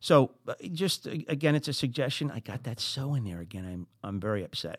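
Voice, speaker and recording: A middle-aged man with a New Jersey accent hosting a podcast, giving business advice in an animated way with high emphatic bursts. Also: a little fast, husky, no echo, clean studio sound. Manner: animated, acts out exasperated quotes, rising into high emphatic bursts. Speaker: podcast host.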